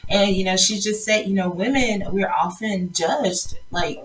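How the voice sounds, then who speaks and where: A woman's voice: mid-range voice, a little slow, soft background music. A young adult woman from Georgia hosting a casual interview, chatty and laughing often, with many fillers. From South Georgia, US. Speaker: podcast host. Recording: distant mic with faint noise.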